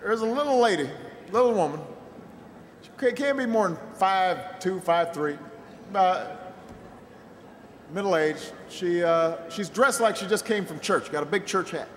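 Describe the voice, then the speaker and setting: Speaking at a measured pace with long pauses, a man with a high-sitting, expressive voice gives a campaign speech in a large venue full of people. He starts with a self-mocking story and builds to shouting call-and-response with the audience. The echoey PA fills a long hall over a loud cheering crowd, with slight background noise.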